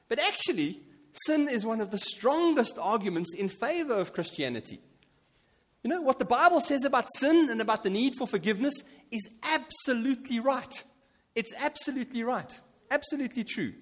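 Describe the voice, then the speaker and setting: A man preaching a sermon, animated and emphatic, with quiet asides between his peaks. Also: extremely high pitch, fairly quick. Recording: long hall reverb.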